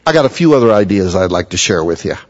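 A man's voice: sing-song, quick pace. Male preacher, earnest sermon delivery, muffled sound with a long hall echo. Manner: earnest, rises in pitch to voice quoted figures.

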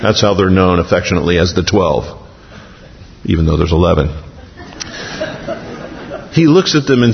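A man with a lowish voice preaches a verse-by-verse sermon, telling the story vividly, climbing high when excited and sinking to near-hushed lows. The sound is dull and lo-fi, with a long echo from a large hall. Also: moderate pace, gravelly, slight background noise. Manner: animated storytelling, often rises then drops low and soft. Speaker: pastor. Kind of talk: expository sermon.

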